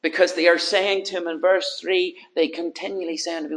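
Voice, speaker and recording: A man's voice: high voice, flat delivery, brisk, fairly bright tone. A man preaching a sermon in an earnest manner, building his points through repeated rhetorical questions.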